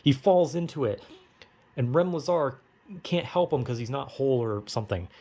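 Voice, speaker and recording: A man's voice: mid-range voice, lively intonation, moderate pace, mellow. A young man rambling through a movie recap from memory, profane and full of fillers. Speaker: vlogger.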